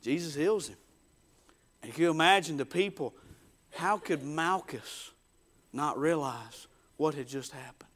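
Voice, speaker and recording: A man's voice: on the high side, a little slow, pauses often, fairly bright tone. A man preaching a sermon, telling the story emphatically and acting out the voices in it. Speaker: pastor.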